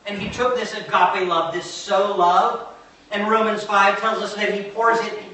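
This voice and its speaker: A man preaching a sermon, moving from quiet asides to slow, emphatic declarations and questioning his congregation. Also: high voice, level tone. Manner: asks the congregation questions and answers back. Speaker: pastor. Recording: echoey hall from far off, faint noise.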